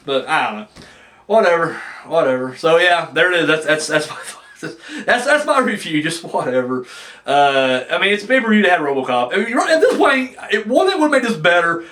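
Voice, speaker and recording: A man's voice: high voice, very animated, fast talker, fairly bright tone. A man giving a casual, profane video review of a wrestling match, ranting with frequent restarts.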